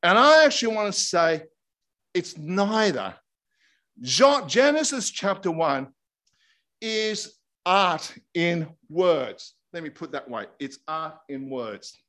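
A middle-aged man preaching a sermon in a lively, chatty way, drawing his congregation in. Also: high-pitched, slow pace. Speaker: pastor.

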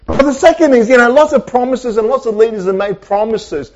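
A male pastor delivering a sermon in a church, preaching emphatically with repetition and dramatic pauses. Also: very high-pitched, muffled recording. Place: church with online Zoom audience.

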